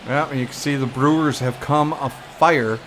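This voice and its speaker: A man's voice: mid-range voice, fairly even intonation, moderate pace, noisy background. A man with a New York accent giving casual, wry commentary while playing a baseball video game. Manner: chatty, wry, reacts to the game as it goes. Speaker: gamer playing a baseball franchise. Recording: game music playing behind.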